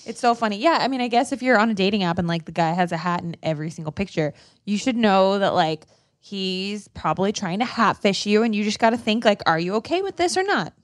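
A young woman co-hosting a casual dating podcast, animated and full of "like" and quick asides. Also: medium pitch, dry recording, clean studio sound. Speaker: podcast co-host. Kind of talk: casual chat.

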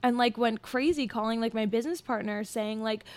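A woman's voice: a little high, brisk, a little mellow, dry recording. A young woman in a casual podcast chat, telling a story with lots of filler words. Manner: chatty, filler-heavy storytelling. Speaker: podcast guest.

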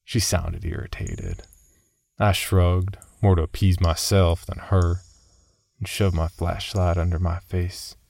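A man narrating a first-person horror story in a very deep voice. He reads slowly and steadily with a measured, somber delivery. His voice has a gravelly, creaky texture. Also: animated, darkish tone, dry recording, clean studio sound.

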